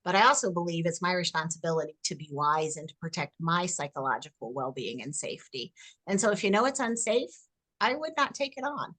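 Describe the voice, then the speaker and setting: Animated woman guest expert. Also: fairly low pitch, a little fast. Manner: animated, acts out example phrases. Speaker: guest expert on workplace culture. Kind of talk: conversational podcast interview.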